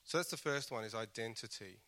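Male pastor preaching, bright forceful tone, earnest and chatty with frequent restarts. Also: mid-range voice, expressive, a little fast, slight background noise. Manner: earnest, conversational with self-deprecating asides. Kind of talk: sermon.

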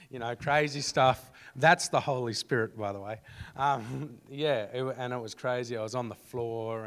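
An earnest man sharing a casual spoken testimony with his church group, halting often on fillers and restarts. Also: mid-range voice.

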